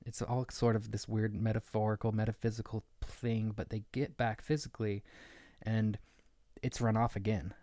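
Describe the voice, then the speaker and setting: A man's voice: on the low side, dry recording. Man, podcast co-host, eager plot recap, very dry close sound. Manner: excited, retells plot in quick bursts. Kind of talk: casual book discussion.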